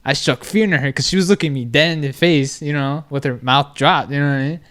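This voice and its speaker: A man telling a story on a podcast in casual chat, animated and constantly checking in with the listener. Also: fairly high pitch, fast. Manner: animated storytelling, constant "you know what I mean".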